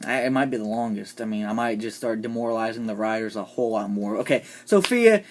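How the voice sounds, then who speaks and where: A vlogger ranting casually about TV characters, opinionated and sarcastic, often trailing off into quiet asides. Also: medium pitch, animated, quick pace. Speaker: TV show reviewer.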